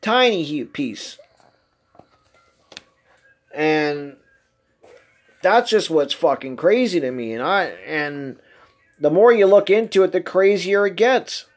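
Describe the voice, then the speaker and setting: A man with a slightly higher voice hosts his own casual podcast, talking alone to his listeners. He swears constantly and sounds emphatic and incredulous. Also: expressive, slow, pauses often. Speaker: podcast host. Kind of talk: casual solo podcast monologue.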